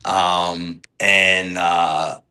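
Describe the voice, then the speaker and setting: A man's voice: deep voice, very slow, smooth, poor audio. A man in his forties, a pro wrestler, talking candidly in a podcast interview, rambling with lots of fillers and restarts. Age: 40s. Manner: animated when quoting fans.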